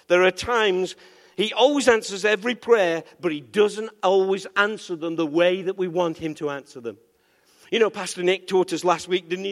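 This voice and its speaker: A man preaching a sermon as pastor, animated and playful, calling out to the congregation for amens. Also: high-pitched. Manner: animated, playful, call-and-response. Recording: echoey church hall.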